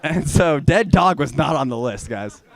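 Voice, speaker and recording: A man's voice: fairly high pitch, expressive, moderate pace, creaky, dry recording. A young man from Georgia doing a rambling, profane stand-up set in a small venue. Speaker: stand-up comedian.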